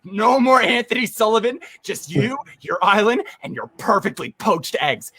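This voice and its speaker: A man playing a manic infomercial pitchman in a comedy sketch, switching between shouting and hushed hard-sell. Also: animated, moderate pace, slightly rough, full character voice. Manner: hard-sell, swings loud and soft, whoops.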